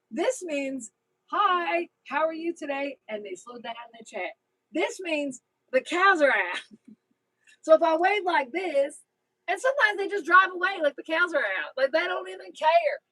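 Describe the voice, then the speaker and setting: A woman's voice: high-pitched, animated, normal speed, a bit bright, dry recording, rough recording. A woman with a mixed New Jersey and Tennessee accent hosting a casual livestream, rambling chattily and reading out viewer comments. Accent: mix of New Jersey and Tennessee. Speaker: YouTube livestream host.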